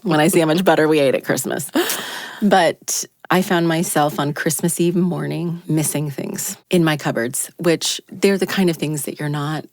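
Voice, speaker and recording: A woman with a low voice tells a personal story into a studio microphone on a talk show. The sound is dry and close, with no room around it. She acts out quoted lines, her pitch jumping up when she plays herself. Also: steady tone, moderate pace, dry recording. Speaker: radio show team member. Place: radio studio.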